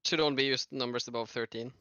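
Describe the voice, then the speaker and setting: A man's voice: medium pitch, fairly even intonation, quick pace, sharp tone, highs cut off. A man bantering on a casual podcast, with crude, joking asides. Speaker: podcast co-host.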